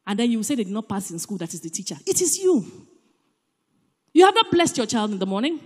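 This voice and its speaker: Nigerian woman speaking at church, high voice, animated and emphatic, long hall echo. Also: fast talker, breathy edge. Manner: animated, emphatic, shifts between loud and soft. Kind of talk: church talk on parenting.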